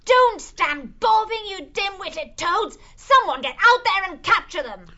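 A man's voice: very animated, unhurried, gravelly, sharp tone, lo-fi sound, full character voice. A man reading an audiobook, voicing a furious, bossy female wildcat queen who snaps orders. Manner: shrill, snapping orders.

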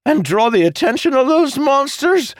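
A man voicing a cowardly young male mage who screams in shrill panic. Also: big pitch swings, normal speed, dry recording, clean studio sound. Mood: frantic.

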